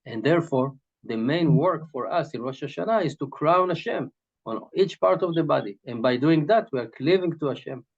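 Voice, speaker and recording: A man's voice: a little high, expressive, moderate pace, gravelly, breathy edge. A man teaching from a Hasidic text. He explains Hebrew terms in English and keeps asking "right?" as he goes. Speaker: Torah teacher. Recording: dull lo-fi recording.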